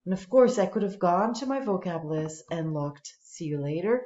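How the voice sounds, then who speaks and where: A woman's voice: mid-range voice, very animated, unhurried, darkish tone. A woman French teacher walking students through an online flashcard tool step by step, patient and explanatory. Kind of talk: screen-recorded tutorial walkthrough. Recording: echoey room, dull lo-fi sound.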